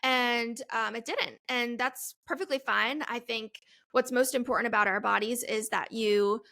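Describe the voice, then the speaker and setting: A woman's voice: fairly high pitch, fairly even intonation, a little slow, creaky, sharp tone. A woman in her twenties hosting a solo Q&A podcast, talking in a chatty, rambling way and laughing at herself. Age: 20s. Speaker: podcast host. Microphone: headphones, studio-style mic.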